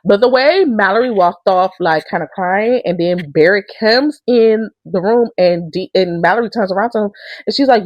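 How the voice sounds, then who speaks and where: A woman's voice: medium pitch, moderate pace, darkish tone, dry recording. A woman hosting a casual recap of a reality show, blunt and profane as she tells the story with a lot of animation.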